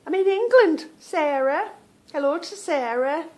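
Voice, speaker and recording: A woman's voice: high voice, expressive, unhurried, a little mellow. A woman hosting a knitting podcast, chatting casually to viewers, rambling off on tangents and stumbling over unfamiliar names.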